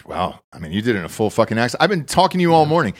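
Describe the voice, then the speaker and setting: A man hosting a casual podcast in a studio, talking loudly and profanely and jumping into hype-man shouts. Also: mid-range voice, sing-song, very fast, no echo. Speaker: podcast host. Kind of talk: casual banter. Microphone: studio mic.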